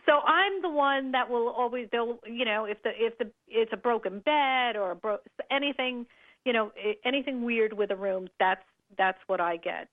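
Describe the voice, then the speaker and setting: A woman's voice: fairly high pitch, moderate pace. A woman guest telling travel stories on a talk radio show, rambling with many restarts and fillers. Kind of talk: casual radio chat. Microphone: phone line. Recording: tinny phone line.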